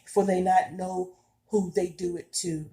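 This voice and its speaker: A woman speaks straight to her viewers about spiritual growth in a casual, heartfelt way. She talks slowly, leaning on repetition for emphasis, and her voice has a dark, mellow tone. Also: fairly low pitch, little pitch movement. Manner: earnest and emphatic, repeats herself, casual colloquial speech. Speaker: spiritual vlogger.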